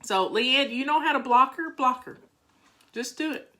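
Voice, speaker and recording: An older woman, a home-organizing vlogger, talks casually to her live viewers and answers their comments in a chatty, folksy style. Her high-pitched voice sounds pushed and bright, at a moderate pace.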